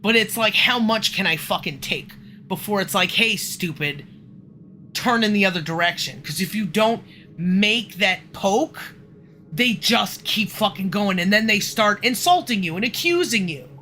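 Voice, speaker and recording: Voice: medium pitch, expressive, measured pace, sharp tone, a little hiss or hum. A livestream host in casual conversation, frustrated and swearing a lot, breaking off and restarting sentences. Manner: frustrated, profane and swearing often.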